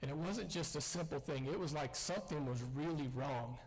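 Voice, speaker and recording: A man's voice: fairly high pitch, normal speed, breathy edge. Folksy man telling stories in a hall. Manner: folksy, self-deprecating. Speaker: veteran speaker. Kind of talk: storytelling speech. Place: school assembly hall. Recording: long hall reverb.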